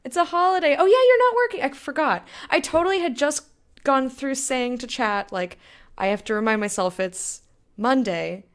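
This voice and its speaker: A woman's voice: high voice, moderate pace, a bit bright. Chatty young woman game streamer. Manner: chatty, laughs often, rambling tangents. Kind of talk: casual chat with stream viewers.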